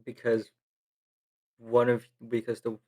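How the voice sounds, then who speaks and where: A man speaks at an unhurried, drawn-out pace as a player in a tabletop game. His voice sits at an ordinary middle pitch. He swears and laughs in exasperation. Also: monotone, warm tone. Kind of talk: playing a tabletop game on a live stream.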